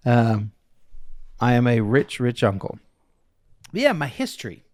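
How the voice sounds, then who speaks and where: A man's voice: mid-range voice, very animated, unhurried, darkish tone, dry recording. Chuckling middle-aged man telling stories. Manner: rambling, chuckling storyteller with frequent restarts. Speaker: podcast co-host. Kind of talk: casual chat.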